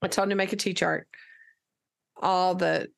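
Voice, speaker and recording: A woman teacher telling a lively classroom story in casual conversation, acting out the dialogue as she goes. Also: on the low side, normal speed, gravelly.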